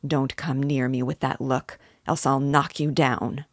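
A gloomy, bitter young man snaps savagely at his brother, pitched low by a woman reading a storybook aloud. The recording is dry and close. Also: little pitch movement, measured pace, no room sound, full character voice. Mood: angry. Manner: savage, tense.

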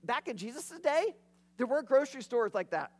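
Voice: medium pitch, big pitch swings, fairly quick. A pastor preaching a sermon in a conversational, storytelling way.

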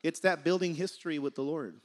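A man's voice: on the high side, brisk. A young man giving a casual sermon, conversational and laughing often, sometimes losing his train of thought. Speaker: preacher.

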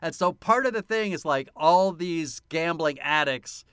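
Animated man retelling a film, laughing. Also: on the high side, measured pace, clear, resonant tone, dry recording, studio quality. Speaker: podcast co-host. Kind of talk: casual chat.

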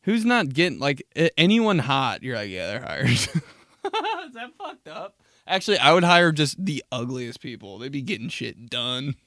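A podcast host in his twenties riffs through a casual comedic monologue, swearing freely, laughing at his own jokes and slipping into mocking voices. His medium-pitched voice is very animated and a bit bright at normal speed. The recording is dry and clean, studio-quality.

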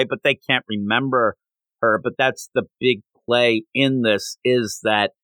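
A man's voice: mid-range voice, measured pace, dry recording, rough recording. Man animatedly retelling a comic. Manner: animated retelling, acts out quoted lines. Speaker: podcast co-host. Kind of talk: casual comic book discussion.

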